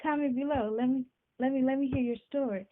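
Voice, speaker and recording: A woman hosting a podcast, talking casually and warmly about friendship, often asking "you know what I'm saying". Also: high voice, fairly even intonation, a little fast. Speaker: podcast host. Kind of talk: casual talk to camera. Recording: tinny phone-like sound.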